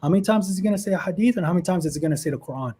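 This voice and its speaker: A man with a somewhat high, husky voice and a warm, mellow tone. He talks earnestly and with feeling over a video call. This is a casual livestream chat. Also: expressive, rapid-fire. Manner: earnest, emotional storytelling. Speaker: guest.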